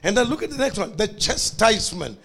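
High-voiced man preaching a sermon. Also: sing-song, brisk, vocal fry, fairly bright tone, slight background noise. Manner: exhorting, calls for congregation responses. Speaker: pastor. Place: church service.

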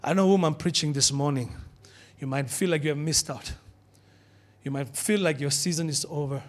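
A man preaching to his church with a high, lifted voice. He keeps the sermon animated and pulls the congregation into call-and-response. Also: moderate pace.

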